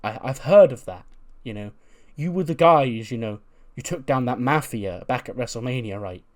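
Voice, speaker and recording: A laid-back young male wrestler asks curious questions, as a streamer puts him on. His tone is casual and interested. It is a relaxed voice in a game recap. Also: mid-range voice, normal speed, close to an everyday voice.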